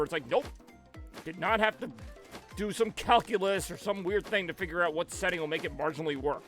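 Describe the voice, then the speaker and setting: High-voiced man, always sounding angry. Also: fast, soft background music. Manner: sounds angry even when he is not; rambling, animated. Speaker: live streamer. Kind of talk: casual live-stream chat. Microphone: headset.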